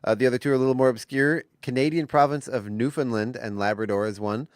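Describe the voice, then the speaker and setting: A man co-hosting a radio morning show, chatty and quick to laugh, telling stories and reading facts. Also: mid-range voice, steady tone, no room sound, clean studio sound. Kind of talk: casual radio banter. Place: radio studio. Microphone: studio microphone.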